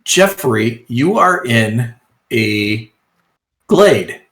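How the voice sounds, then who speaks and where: A man's voice: medium pitch, unhurried. Man running a tabletop game. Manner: relaxed, hesitant with frequent ums. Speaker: game master.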